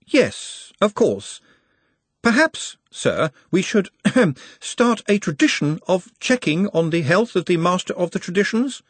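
A man plays a fussy young wizard clerk who sounds anxious and apologetic. He speaks high and hesitantly, with a husky edge to his voice, and weighs every word with precise care. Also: sing-song, a little slow, dry recording, full character voice.

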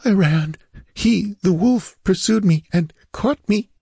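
A man's voice: high voice, slow, vocal fry, warm tone, slightly rough, dry recording, studio quality, voice pushed up, heavily acted. A man voicing a dying young village girl who speaks in frightened gasps. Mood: gasping, terrified. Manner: gasping, breathless pleading.

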